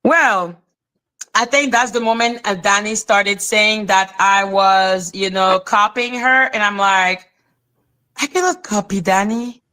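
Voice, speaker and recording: A woman's voice: mid-range voice, takes it slowly, pushed and bright. A woman youtuber in a played clip, ranting in an exasperated, profane way on her own stream. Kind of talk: ranting live-stream talk.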